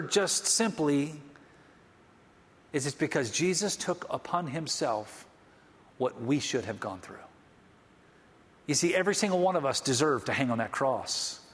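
Male pastor, fervent sermon delivery with restarts, higher voice, big hall echo. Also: animated, moderate pace, a bit bright. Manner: impassioned preaching with repeated restarts.

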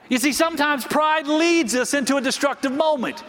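A man preaching a sermon, telling a story and stressing key phrases slowly. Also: very high voice, a bit bright, big-room sound. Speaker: pastor.

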